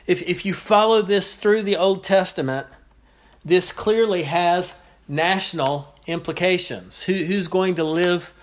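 A man preaching an expository sermon, teaching in a measured way with pauses and repeated phrases. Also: a little high.

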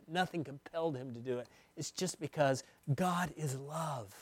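A man preaching an expository sermon as pastor, emphatic, slowing down and repeating words for weight. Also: fairly high pitch. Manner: emphatic, with slow stretched phrases and repeated words.

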